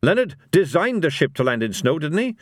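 An eager young guard, as a narrator puts him on, his voice lifted high and sunny. He speaks with cheerful, earnest confidence in a storybook reading. The sound is close and dry. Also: sing-song, brisk, dry recording.

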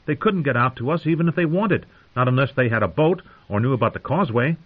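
A man's voice: medium pitch, sing-song, unhurried, pitched above the performer's own voice. A man voicing an anxious but brave young boy prince who speaks earnestly. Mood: determined. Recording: dull lo-fi audio.

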